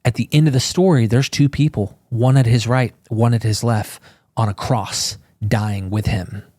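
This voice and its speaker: A man talking casually as a podcast guest, animated and informal, acting out quotes in exclaiming voices. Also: mid-range voice, normal speed, no echo, studio quality. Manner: casual, swears and says bro.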